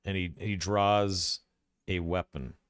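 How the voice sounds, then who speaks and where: Man, game master, deep smooth voice, dry close sound, hesitant with fillers. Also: fairly even intonation, slow, dry recording. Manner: hesitant, many fillers and restarts. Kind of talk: narrating a tabletop game.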